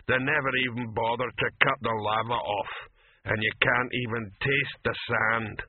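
Guy doing a big slow troll, rumbly and flat, dry lo-fi storybook sound. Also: slightly rough, dry recording. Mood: deadpan. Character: deadpan male mountain troll, rumbling. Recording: tinny, phone-like dry recording.

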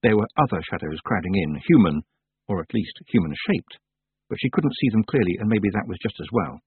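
A man reading a fantasy story aloud as narrator, in a lively, expressive way. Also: fairly low pitch, a little fast, slightly rough, dry recording. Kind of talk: audiobook reading. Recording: tinny phone-like dry sound.

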